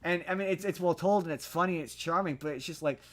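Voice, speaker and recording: A man's voice: on the high side, fast, a bit bright. A young man co-hosting a podcast, recapping a movie in a rambling, heated way with many restarts. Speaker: podcast co-host. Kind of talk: casual movie review chat.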